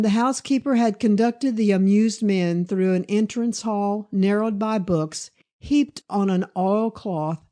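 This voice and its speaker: A woman narrating a classic crime novel in a measured, even storytelling manner. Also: medium pitch. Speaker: audiobook narrator. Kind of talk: scripted narration.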